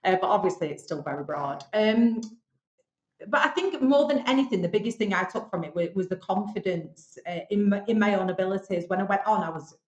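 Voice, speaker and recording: A woman's voice: mid-range voice, expressive, brisk, darkish tone, lo-fi sound. A woman from Bolton with a Northern English accent, a podcast guest telling stories frankly and chattily, with some swearing. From Bolton, England. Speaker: podcast guest, business owner. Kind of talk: casual interview storytelling. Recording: roomy echo.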